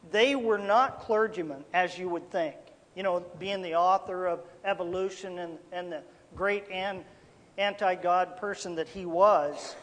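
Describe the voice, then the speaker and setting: A man with a very high voice preaches a sermon, folksy and emphatic, calling out to his listeners as folks. His voice rings with the long reverb of a big hall.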